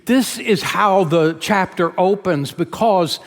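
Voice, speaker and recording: A man's voice: high-pitched, expressive, moderate pace, in a large hall. A man preaching a sermon as pastor, retelling a scripture story in an earnest storytelling manner. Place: church sanctuary.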